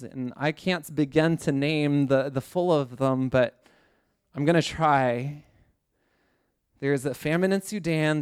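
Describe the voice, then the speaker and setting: A man's voice: a little high, clear, resonant tone, dry recording, studio quality. A man preaching a sermon, impassioned, building his points through repeated refrains. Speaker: pastor.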